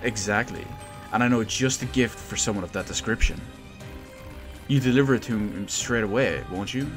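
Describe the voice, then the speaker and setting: A man voicing a lovestruck female robot villager who gushes about a mysterious gentleman. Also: fairly low pitch, normal speed, over music, close to an everyday voice. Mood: infatuated.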